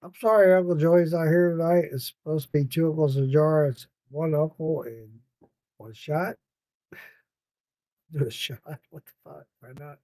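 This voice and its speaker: A man's voice: a little high, fairly even intonation, moderate pace, dark tone, dry recording. A tired man hosting a casual late-night livestream podcast, reading viewers' comments aloud in a rambling, swearing, laughing way. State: tired, yawning. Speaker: podcast host reading live chat.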